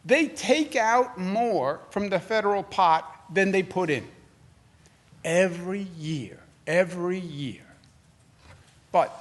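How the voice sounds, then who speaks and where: A forceful man in his sixties with a New York accent takes reporters' questions at a briefing. His voice sits a little high for a man, and he keeps hammering the same points with rising emphasis. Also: lively intonation, takes it slowly. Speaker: governor at press briefing. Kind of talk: press conference answers.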